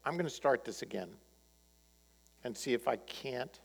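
A man preaching a sermon, in a relaxed conversational way with plenty of fillers. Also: medium pitch, normal speed, vocal fry, slightly rough, in a large hall. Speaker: pastor.

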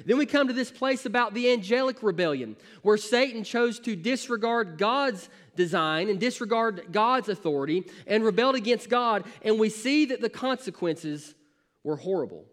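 High-voiced man preaching a sermon. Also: fairly bright tone. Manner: emphatic, repetitive preaching cadence. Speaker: pastor.

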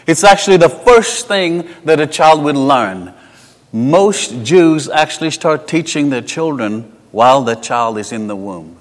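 A man with a South African accent preaching a sermon. He talks conversationally and tells personal stories, moving between emphatic lines and hushed asides. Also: mid-range voice, lively intonation, a little slow. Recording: long hall reverb.

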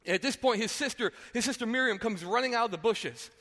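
A man preaching a sermon as a pastor, retelling a story in an animated way and acting out the characters. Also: very high voice, a little fast, long reverb tail. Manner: animated, acts out characters, asks "right?". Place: church sanctuary.

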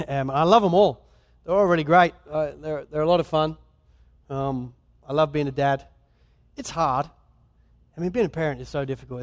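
A man with an Australian accent preaches from the pulpit in a high voice. He talks in an easy, conversational way that drops soft and then rises loud. His voice rings out with a long reverb in a large hall. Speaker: guest pastor. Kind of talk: sermon. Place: church.

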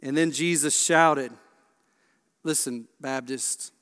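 A Baptist pastor, preaching a sermon with passion, swinging from hushed to loud. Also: male voice, a little high, steady tone, takes it slowly. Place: large church sanctuary. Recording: long church reverb.

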